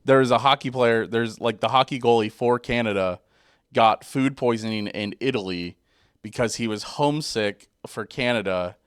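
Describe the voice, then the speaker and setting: A man's voice: medium pitch, moderate pace, smooth, dry recording, clean studio sound. A young man co-hosting a podcast, casually teasing his co-host and poking holes in his arguments. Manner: teasing, plays skeptic. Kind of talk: casual banter.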